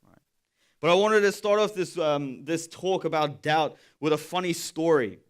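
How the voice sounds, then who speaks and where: A man's voice: a little high, moderate pace, clean tone. A young man preaching a sermon, telling a story in a loose, conversational way with fillers and repeats.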